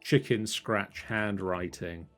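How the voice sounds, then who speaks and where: A man's voice: fairly low pitch, slow, fairly bright tone, soft background music. A man narrating a tabletop game as game master, describing scenes in a rambling way with fillers.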